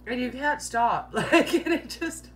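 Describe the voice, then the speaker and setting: A woman's voice: on the high side, lively intonation, a little slow, slight background noise. A woman hosts a casual live-stream chat, rambling through playful jokes and breaking into giggles at her own humor. She peppers her speech with 'like' and keeps a light, teasing tone. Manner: joking, chatty, laughs often at her own jokes; filler-heavy, says 'like' constantly. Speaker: host of a live keto Q&A.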